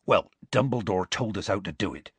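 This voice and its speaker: A man voicing Hagrid, a big gruff half-giant who tells the story in rough, homely speech. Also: lowish voice, expressive, a bit bright, no room sound, heavily acted. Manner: rough colloquial grammar, slow homely storytelling.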